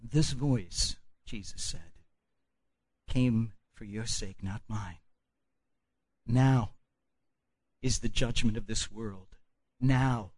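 A man preaching a sermon with emphatic delivery, swinging from loud proclamation down to hushed, almost whispered lines. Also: mid-range voice, dry recording.

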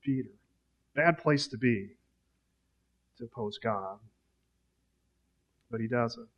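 A man's voice: mid-range voice, slow, a bit bright, dull audio. A man preaching a sermon in a conversational way, asking rhetorical questions.

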